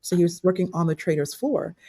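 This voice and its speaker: Emphatic woman with a mellow voice. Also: fairly low pitch, fast talker, no room sound. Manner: emphatic, repeats herself, restarts often. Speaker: panelist. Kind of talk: casual panel debate.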